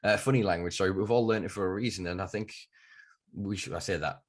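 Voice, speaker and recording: A passionate podcast host with a Northern English accent and a lowish voice. He argues emphatically and swears freely in casual conversation. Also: fast talker.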